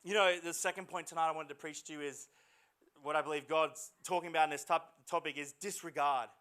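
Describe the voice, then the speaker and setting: A male pastor preaching a lively, dramatic sermon to a church congregation, with jokey asides and voices he acts out. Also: fairly high pitch, brisk. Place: church service hall.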